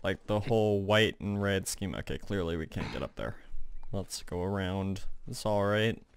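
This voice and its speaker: A man's voice: low voice, moderate pace, clear, resonant tone. Chatty man narrating his gameplay. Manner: chatty, rambling, with fillers. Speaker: gaming channel host. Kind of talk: casual let's-play commentary.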